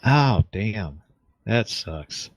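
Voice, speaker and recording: Gravelly low-voiced man running the game. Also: very animated, drawn-out words. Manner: thinks aloud with fillers, wry asides. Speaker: game master. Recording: dull lo-fi dry mic.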